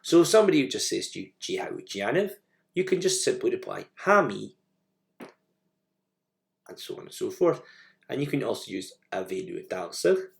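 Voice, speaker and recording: Gravelly guy teaching a language lesson, says each phrase slow then repeats it, voice goes up and down a lot. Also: on the low side, sing-song. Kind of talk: recorded language lesson narration.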